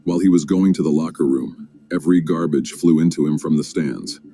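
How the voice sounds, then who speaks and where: A man narrating a sports documentary in a steady, measured way. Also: very deep voice. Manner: steady, measured storytelling with occasional fillers.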